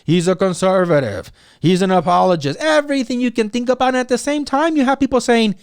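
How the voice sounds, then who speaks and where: A man's voice: extremely high pitch, expressive, brisk, clear, resonant tone, no echo. Rambling male podcaster, dry close sound. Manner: rambling, filler-heavy, frequent "right?" and "you know". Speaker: podcast host. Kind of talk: casual solo commentary.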